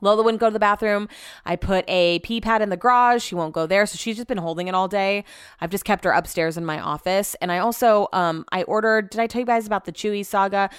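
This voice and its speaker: A young woman with a smooth, clear voice rambles through everyday stories in a loose, chatty way and swears freely. The sound is close and dry, with no room around her. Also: mid-range voice, fast talker, dry recording. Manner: rambling, profane storytelling. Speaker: radio show host. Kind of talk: casual chat monologue.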